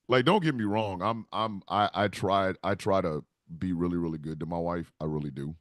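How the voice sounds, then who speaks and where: A man's voice: mid-range voice, normal speed, no echo, clean studio sound. Man on a profane comedy rant. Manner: rambling, profane, animated storytelling.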